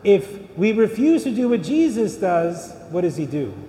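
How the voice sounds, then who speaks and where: Middle-aged male priest, high-ish mellow voice, chatty sermon with lots of rhetorical questions, boomy church reverb. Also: big pitch swings, unhurried, slight background noise. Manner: conversational preaching with rhetorical questions. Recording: echoey church hall with long reverb.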